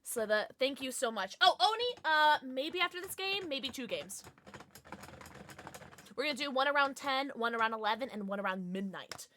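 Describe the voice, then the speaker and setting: A young woman streaming a game, chatting with viewers casually, jumpy and excitable, swearing and shrieking when scared. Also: sits high, moderate pace, a little hiss or hum. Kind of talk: casual gaming livestream chat.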